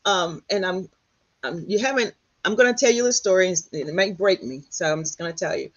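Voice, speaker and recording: A middle-aged woman's husky voice comes through a dull, lo-fi recording. She tells her story as a guest, bringing it to life by acting out what other people said. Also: lowish voice, a little fast. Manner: animated, quotes others in lively voices. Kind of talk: storytelling in conversation. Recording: dull lo-fi sound.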